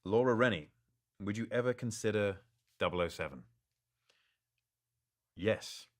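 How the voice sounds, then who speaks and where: Low-voiced man in a relaxed Q&A. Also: measured pace. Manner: reads questions aloud, relaxed and good-humored; stumbles and restarts in thought. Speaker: actor answering fan questions. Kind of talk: live social-media Q&A.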